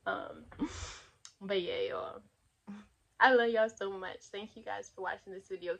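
A woman's voice: fairly high pitch, creaky. A young woman vlogging to camera in casual, rambling chat, laughing often and talking with lots of fillers.

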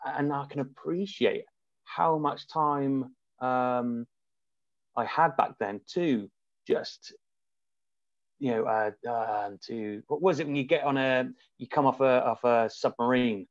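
A man's voice: mid-range voice, no echo. Reflective man on muffled remote audio. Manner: reflective, halting, many restarts. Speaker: podcast guest. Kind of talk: casual conversation.

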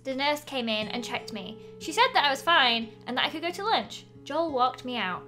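Brief: high, bright woman, animated pitch, teasing and quick to laugh, faint music under her. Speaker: YouTuber co-reading fan fiction. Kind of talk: playful comedic reading with a friend.

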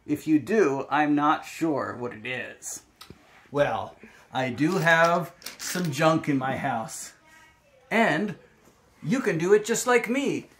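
A man working as a speech-language pathologist, giving a children's speech lesson from home and modeling single words slowly and deliberately. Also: fairly high pitch, animated, fairly bright tone.

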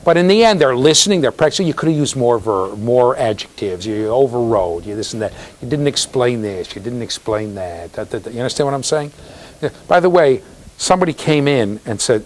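Speaking fairly quickly in a mid-range voice, a man lectures a university class in a chatty style. He's an animated storyteller who checks in with students and imitates the people he quotes.

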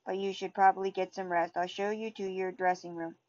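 A woman's voice: medium pitch, little pitch movement, fairly quick, a little mellow, natural voice. Woman reading as a kind animal trainer. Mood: reassuring. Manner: hesitant reading with restarts. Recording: dull lo-fi recording.

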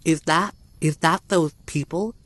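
A woman's voice: deep voice, measured pace, no room sound. A man voicing a frightened, finicky young woman who whines and pleads while sick. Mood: pleading. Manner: pleading, whiny.

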